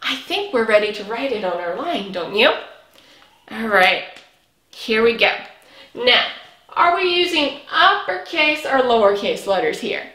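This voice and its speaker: A woman teaching a preschool reading lesson, speaking cheerfully with drawn-out words and lots of praise. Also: a little high, sing-song, sharp tone. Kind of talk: slow, sing-song lesson for young children. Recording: echoey room.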